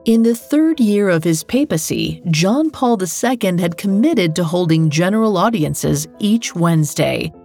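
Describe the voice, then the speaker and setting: A woman hosting a podcast, giving scripted true crime narration in a measured, dramatic way. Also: fairly low pitch, lively intonation, creaky, warm tone, faint music behind. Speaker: podcast host.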